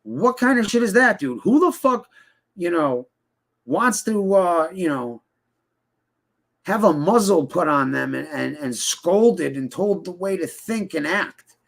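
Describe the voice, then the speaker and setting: Gravelly profane man ranting. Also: high-pitched, lively intonation, a little slow, fairly bright tone. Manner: profane, rambling, heated, many fillers and restarts; mimics others in quoted voices. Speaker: interviewee. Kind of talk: casual ranting interview.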